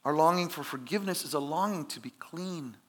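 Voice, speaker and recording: A man's voice: a little high, a little fast, fairly bright tone. Earnest male pastor preaching. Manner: earnest, conversational preaching with emphatic rises. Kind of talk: sermon.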